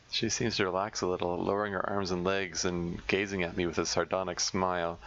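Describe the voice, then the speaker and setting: Male let's play narrator reading a visual novel, low voice, steady with slight stumbles, dull lo-fi home recording. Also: brisk, few pauses, slight background noise. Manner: steady first-person narration with small stumbles.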